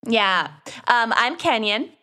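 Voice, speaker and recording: A woman's voice: a little high, big pitch swings, sharp tone. A woman co-hosting a podcast, with a stern, schoolmarm way of speaking. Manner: slow, stern schoolmarm delivery. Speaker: podcast co-host. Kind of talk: casual chat.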